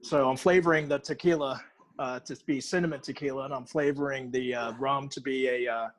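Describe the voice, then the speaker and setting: A man's voice: medium pitch, fairly even intonation, a little fast, a crowd in the background. A middle-aged man, a guest barbecue cook, telling a story in casual chat and acting out both sides of it.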